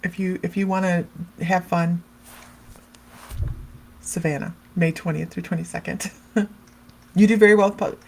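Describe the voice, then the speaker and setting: A woman's voice: on the low side, flat delivery, normal speed, vocal fry, pauses often, slight background noise. A woman psychic medium hosting a casual livestream, chatting and rambling, laughing often and talking straight to viewers by name as she reads their comments.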